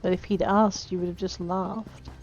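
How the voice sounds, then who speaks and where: A woman's voice: on the low side, fairly even intonation, moderate pace, darkish tone, muffled recording, a little hiss or hum. A woman casually commenting on her video game playthrough, chatting to the characters and joking at herself. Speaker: gamer playing through a game.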